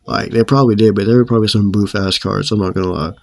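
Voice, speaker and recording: A man's voice: fairly low pitch, fairly even intonation, fast, vocal fry, dry recording. A young man telling a story in a casual, slangy, profane way. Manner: laid-back, slangy and profane. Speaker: storyteller vlogger.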